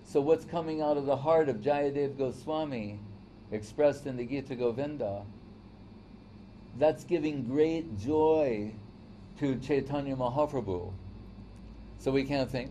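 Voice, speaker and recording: A man's voice: mid-range voice, a little slow, pauses often, dark tone, a little hiss or hum. A man teaching a devotional lecture in a conversational storytelling way, often checking in with "right?". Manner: storytelling, acts out quoted voices. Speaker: spiritual teacher.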